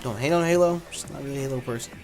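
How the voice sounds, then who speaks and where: A man's voice: medium pitch, racing, darkish tone, faint music behind. A man hosting a casual gaming channel, answering viewer questions in a laid-back, blunt way with lots of fillers. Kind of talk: casual Q&A chat.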